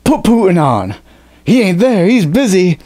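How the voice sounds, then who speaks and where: A man's voice: high voice, sing-song, unhurried, pitched above the performer's own voice, heavily acted. A man putting on the voice of a brash, blustering man who brags and trades insults on a phone call. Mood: cocky. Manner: loud, cocky, mocking, shouted insults.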